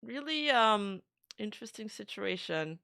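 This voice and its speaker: Young woman streamer, mid-pitched smooth voice, loose chatty delivery with casual swearing, dry sound. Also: expressive, a little slow, bright, forceful tone, dry recording. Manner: chatty, swears freely, many "like" fillers. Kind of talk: casual reaction commentary.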